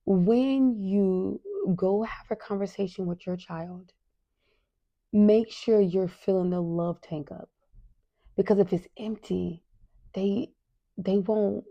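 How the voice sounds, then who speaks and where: A middle-aged woman hosts a parenting podcast in a casual, earnest monologue, often asking "right?", calling listeners "you guys," and sometimes dropping to a soft whisper for emphasis. Her medium-pitched voice is gravelly, with lo-fi sound.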